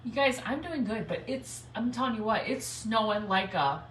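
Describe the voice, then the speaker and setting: A woman's voice: fairly high pitch, lively intonation, normal speed, hardly any pauses. A woman hosting a casual live craft stream from home, chatting and greeting viewers by name with frequent laughter. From Michigan, United States. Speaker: craft livestream host. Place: home, snowy day. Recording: echoey room, speaker a bit far from mic.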